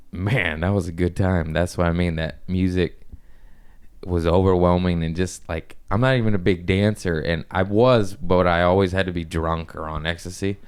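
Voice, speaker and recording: Low, smooth-voiced man telling stories. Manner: rambling, profane storytelling. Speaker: stand-up comedian. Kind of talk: casual podcast chat.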